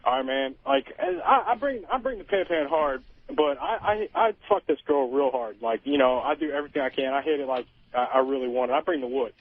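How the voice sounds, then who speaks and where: A man from Cincinnati calling in to a radio show, talking haltingly with lots of "like" and restarts, over a tinny phone line. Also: medium pitch, animated, creaky. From Cincinnati, USA. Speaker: caller. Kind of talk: call-in question.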